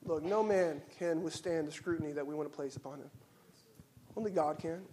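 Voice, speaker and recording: Pastor, man, higher voice, fervent sermon delivery with hushed and loud swings. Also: a little fast, slight background noise. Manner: passionate preaching, swings from hushed to loud exclamations. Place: church sanctuary.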